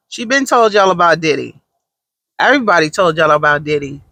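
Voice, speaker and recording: Man, high voice, bright tone, sassy gossip vlog, dry close sound. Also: normal speed, no room sound. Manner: sassy, animated, dramatic asides. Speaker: vlogger. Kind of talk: casual gossip commentary.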